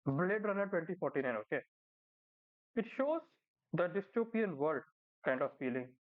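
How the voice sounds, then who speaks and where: A man's voice: a little high, expressive, normal speed. A man with an Indian accent from India, casually reacting to a video with many fillers and tag questions. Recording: tinny phone-like sound.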